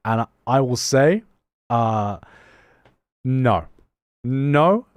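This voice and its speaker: A man from Thailand chatting casually on a stream, excitable and swearing freely, sometimes breaking into shouts. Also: medium pitch, slow, long pauses, dry recording.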